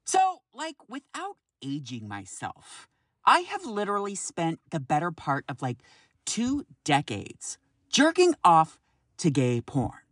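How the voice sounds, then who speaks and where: Man, 30s, podcast host, solo monologue, very expressive pitch, slow drawn-out pace, exasperated, swears a lot, laughs often.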